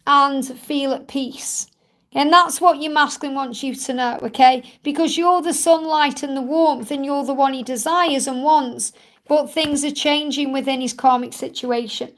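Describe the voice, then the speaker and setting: A woman hosting a live stream, reading tarot cards for viewers in a soothing, reassuring way. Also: sits high. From England. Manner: soothing, reassuring, repeats "okay?" and "so".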